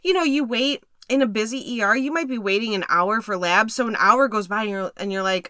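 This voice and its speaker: A woman's voice: medium pitch, bright, forceful tone, clean tone, dry recording, studio quality. A young woman emergency nurse co-hosting a casual chat, venting in exasperation about lab mix-ups. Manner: exasperated venting, quick laughs. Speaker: podcast co-host, emergency room nurse.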